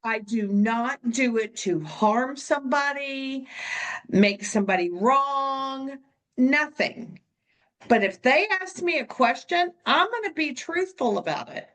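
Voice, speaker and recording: A woman's voice: sits high, lively intonation, takes it slowly, fairly bright tone. A woman co-hosting a podcast as a coach, talking bluntly and animatedly, laughing often. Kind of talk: casual podcast chat.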